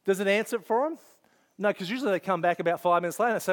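Male preacher, middle-aged, high voice, chatty storyteller. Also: rapid-fire, a bit bright. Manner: storytelling, acts out his own inner thoughts, conversational. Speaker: pastor. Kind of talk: sermon with personal story.

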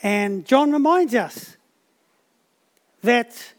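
A man's voice: very high voice, expressive, very slow. A man preaching a sermon, telling a personal story with frequent restarts and repeated words.

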